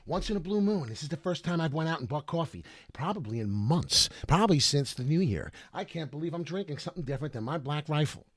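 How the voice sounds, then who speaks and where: A man hosting a vlog, ranting loudly and profanely from a car in a parking lot. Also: fairly high pitch, no echo, studio quality. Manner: loud, profane, fired-up ranting. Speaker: crypto video host.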